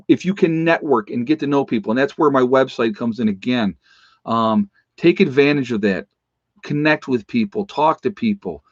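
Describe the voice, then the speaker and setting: A man hosts a casual livestream from home, halting through a long list of viewers' locations with frequent fillers. His voice sits in a middle register. The sound is dry and a little dull, like a basic streaming mic. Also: medium pitch, dry recording. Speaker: livestream host.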